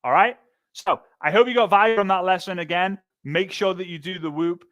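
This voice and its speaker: A man teaching a motivational marketing lesson on a livestream, energetic and punchy, repeating phrases for emphasis. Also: sits high, fairly quick, dry recording, dull audio. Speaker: sales trainer. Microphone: livestream microphone.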